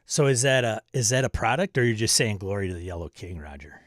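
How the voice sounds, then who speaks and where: A man's voice: on the low side, lively intonation, fast, no room sound, clean studio sound. A man hosting a tabletop game livestream, reading viewer comments aloud and joking around in casual chat.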